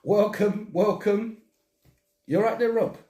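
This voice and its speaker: An older man with a high voice hosts a podcast in loose, chatty talk, swearing and laughing easily. The sound is echoey, as if from a bare room at home. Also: steady tone, slow, dark tone. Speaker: podcast host. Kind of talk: casual chat.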